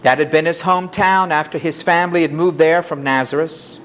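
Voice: mid-range voice, fairly even intonation, brisk, a bit bright, slight background noise. A preacher giving a sermon, reading scripture passages aloud and lifting the voice for quoted cries.

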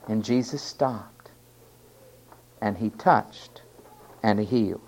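A man preaching a sermon, swinging from emphatic shouting down to a hushed near-whisper and repeating key phrases for effect. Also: lowish voice, takes it slowly, pauses often.

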